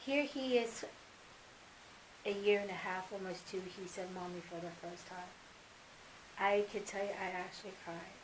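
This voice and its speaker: A mother speaking as an interview guest, telling family stories in a casual, animated way and acting out remembered dialogue. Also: mid-range voice, normal speed, pauses often, noisy background. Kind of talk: casual sit-down interview storytelling.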